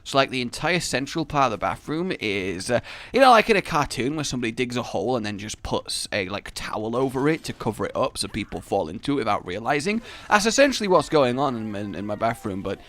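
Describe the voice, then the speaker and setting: Gaming host, animated delivery, bright tone, dry close mic, storytelling over play. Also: male voice, medium pitch, fast, no echo. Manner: rambling storytelling with frequent restarts, bursts of shouting and laughter. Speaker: gaming YouTuber. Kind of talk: casual gameplay commentary. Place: home office.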